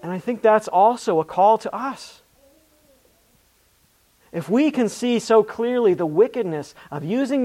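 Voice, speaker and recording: Male preacher with a high voice, earnest delivery, reads scripture with emphasis. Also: warm tone. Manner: repeats words and restarts mid-phrase. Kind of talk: sermon.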